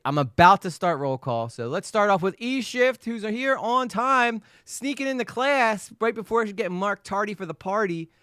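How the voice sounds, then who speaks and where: Lively, clear-voiced male stream host. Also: on the high side, no echo, studio quality. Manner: animated, repeats himself, reads chat aloud. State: recovering from illness. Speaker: livestream host. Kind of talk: casual livestream chat.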